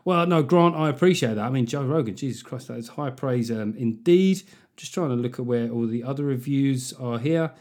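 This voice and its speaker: A man hosting a comedy podcast, riffing jokily with quick asides. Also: medium pitch, a little mellow. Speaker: podcast host. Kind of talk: casual comic podcast chat.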